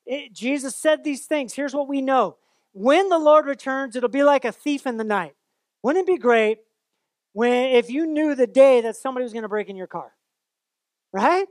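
A man with a notably high voice preaches a sermon in a loose, conversational way, breaking into playful asides and exaggerated voices for the people he quotes. The sound is close and dry, with no room echo. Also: moderate pace. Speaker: pastor.

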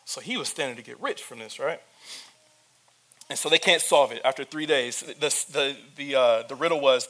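A pastor preaching, retelling the story with humor and speaking directly to the church. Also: male voice, mid-range voice, moderate pace, fairly bright tone. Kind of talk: sermon.

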